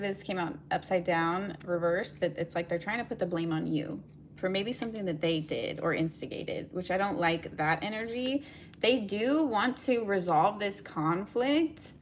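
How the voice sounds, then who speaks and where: A woman's voice: mid-range voice, slight background noise. Rambling woman giving a tarot reading. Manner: meandering, many fillers like "like" and "um". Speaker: tarot reader.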